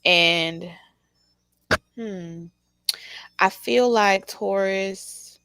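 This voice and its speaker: Teasing tarot-reading woman with gravelly voice. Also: medium pitch, drawn-out words, no echo. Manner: animated, teasing, dramatic, laughs often. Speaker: tarot reader. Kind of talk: casual tarot reading to camera.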